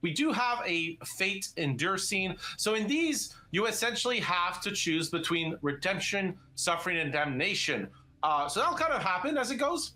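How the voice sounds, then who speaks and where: A man's voice: high voice, very animated, moderate pace, bright, forceful tone. A young man co-hosting a live stream, chatting casually and rambling with many fillers and restarts. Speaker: co-host of a live interactive show.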